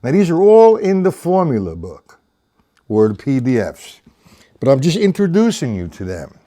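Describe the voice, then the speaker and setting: A man's voice: mid-range voice, huge pitch swings, moderate pace, mellow. An older man giving a casual, rambling live-streamed drum lesson, counting beats aloud as he explains technique. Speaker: drum teacher.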